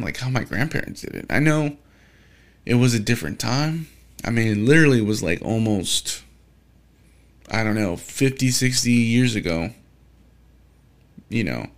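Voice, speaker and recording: A young man in a mid-pitched voice holds forth alone on his podcast. He rambles, swears freely and keeps breaking off to restart his thoughts, sounding frustrated. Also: normal speed, pauses often. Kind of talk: casual solo podcast monologue.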